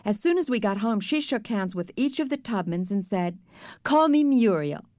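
A woman narrating a children's book in the first person with an even storytelling delivery. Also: mid-range voice, fairly quick, no echo, studio quality. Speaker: audiobook narrator.

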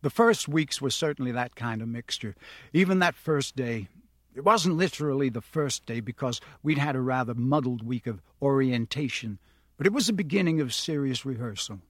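A man's voice: medium pitch, animated, normal speed, no echo, clean studio sound. A man narrating a novel aloud, shifting his voice up for the characters he quotes. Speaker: audiobook narrator.

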